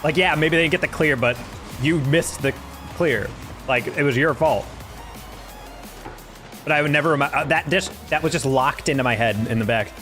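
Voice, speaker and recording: A young man streams a game and chats casually with viewers, ranting about his teammates with slang and swearing in a laid-back way. His voice is a little high and a bit bright, at a moderate pace with frequent pauses, over soft background music.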